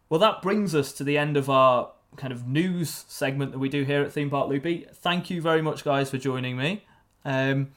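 A man hosting a casual theme park podcast, upbeat and lifting his voice for the sign-off. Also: fairly high pitch. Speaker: podcast host. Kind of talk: casual chat.

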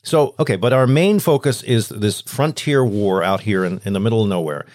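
A man's voice: lowish voice, moderate pace, darkish tone, dry recording. A man hosting a casual history talk, chiming in with curious questions and comparisons. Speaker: podcast host.

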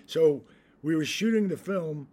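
At a measured pace and fairly high pitch, an older man who works as an actor tells interview stories animatedly. He acts out quoted voices, breaks into laughter often, and restarts his sentences many times.

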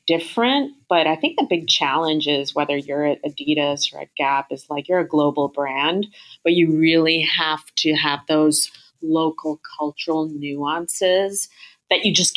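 A woman being interviewed as a chief marketing officer, talking in an upbeat, thoughtful way with frequent fillers and restarts. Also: low-pitched. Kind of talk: business interview.

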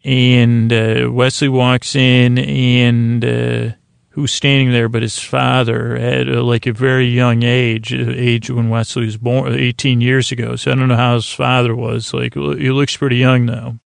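A man's voice: medium pitch, flat delivery, measured pace, gravelly, clear, resonant tone, dry recording. A man hosting a sleep podcast, casually recapping a TV episode in a meandering, earnest way. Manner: meandering, many restarts and fillers, quietly earnest.

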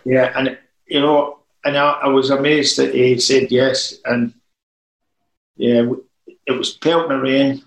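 A man's voice: medium pitch, little pitch movement, takes it slowly, echoey room, low-quality recording. A man, a former football manager telling rambling anecdotes in a casual interview.

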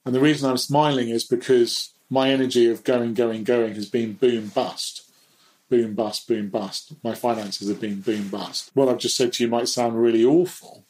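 A man's voice: mid-range voice, steady tone, normal speed, darkish tone, poor audio. Guy talking openly as a guest, reflective, chuckles at himself now and then. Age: adult. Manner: reflective, candid, laughs at himself. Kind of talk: candid conversational chat.

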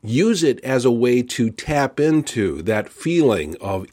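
A man's voice: medium pitch, very animated, unhurried, hardly any pauses, a little mellow. A man hosting a self-help podcast, talking earnestly and stressing repeated phrases with a set tonality. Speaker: podcast host.

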